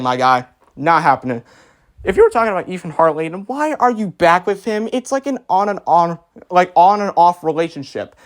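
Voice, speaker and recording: A man hosting a commentary video, reading out comments and mocking them in a rambling, filler-heavy way, laughing at his own jabs. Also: fairly high pitch. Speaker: channel host reacting to comments.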